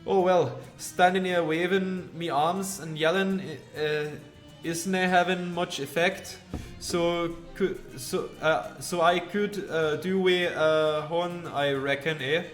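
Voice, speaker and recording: A grumpy Scottish farmer in a video game, put on by a man, blustering and fed up, leaning on broad dialect words. The voice sits a little higher than a man's usual and comes out slow and drawn out. Soft music runs behind it. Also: fairly even intonation. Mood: exasperated.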